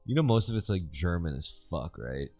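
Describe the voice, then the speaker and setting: A man co-hosting a podcast in casual chat, excitable and rambling, swearing often. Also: a little fast, no echo, soft background music. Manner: excitable, swearing, rambling, big pitch swings. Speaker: podcast co-host.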